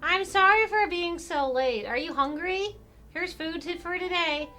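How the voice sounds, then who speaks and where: A woman's voice: extremely high pitch, unhurried, bright, forceful tone, faint music behind, voice pushed up, exaggerated voice. A woman voicing a polite, apologetic young heroine in a visual novel, sweet and drawn out. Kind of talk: reading a visual novel aloud.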